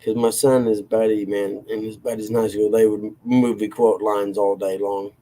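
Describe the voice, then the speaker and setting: A man's voice: on the low side, little pitch movement, normal speed, warm tone. A man hosting a livestream, chatting casually with viewers in a rambling, self-deprecating way and chuckling often. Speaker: livestream host reading chat. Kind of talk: casual chat.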